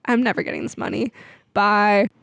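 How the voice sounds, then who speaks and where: A woman's voice: mid-range voice, wildly swooping pitch, normal speed, creaky, a bit bright, no room sound. A young woman vlogging in a chatty, rambling, self-mocking way. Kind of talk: casual vlog chat.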